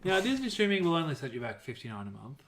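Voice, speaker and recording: A man co-hosting a casual podcast chat, chiming in quickly with short replies and jokes. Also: a little high, sing-song. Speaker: podcast co-host.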